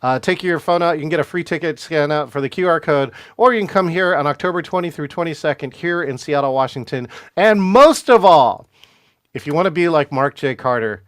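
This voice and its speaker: A man's voice: fairly high pitch, fairly quick, no echo. Upbeat man hosting a podcast, dry sound. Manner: energetic, upbeat, with frequent fillers and restarts. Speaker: podcast host. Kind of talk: animated podcast interview hosting.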